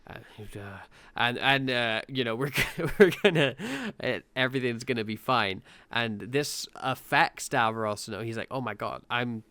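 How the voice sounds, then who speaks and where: A man co-hosting a podcast, chatting casually in a relaxed way, dropping swear words and lots of fillers. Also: medium pitch, moderate pace, few pauses, clear, resonant tone, no echo. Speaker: podcast co-host. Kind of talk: casual review chat.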